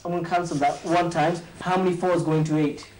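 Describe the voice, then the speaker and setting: A man's voice: fairly high pitch, little pitch movement, darkish tone, poor audio. Chatty, jokey man teaching a maths lesson. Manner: quizzing students with quick questions, chatty and jokey. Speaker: maths teacher and show host. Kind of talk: informal maths lesson with students.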